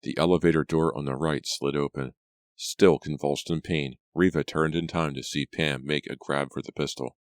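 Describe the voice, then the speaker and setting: Man, audiobook narrator, extremely deep voice, dry close sound, measured reading. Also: steady tone, no room sound. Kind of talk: scripted narration.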